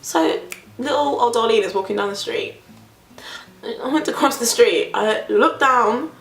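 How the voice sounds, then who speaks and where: Woman vlogger, lively and dramatic storyteller, slightly high voice, roomy echo. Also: unhurried, soft background music. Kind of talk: casual storytime vlog.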